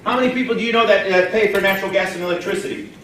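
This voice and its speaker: A man's voice: sits high, racing, a bit bright, slight background noise. Folksy man training a crowd. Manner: folksy, emphatic, quizzes the audience. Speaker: sales trainer. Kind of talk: live training seminar. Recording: echoey room, distant mic.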